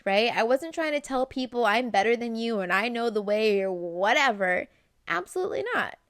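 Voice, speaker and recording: A woman talks through self-help advice in a loose, conversational vlog style, often tossing in "right?" and quickly acting out little exchanges. Her voice sits a little high. The sound is close and dry, with no room echo. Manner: chatty, acts out quick dialogue snippets, frequent "right?". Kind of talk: casual direct-to-camera advice.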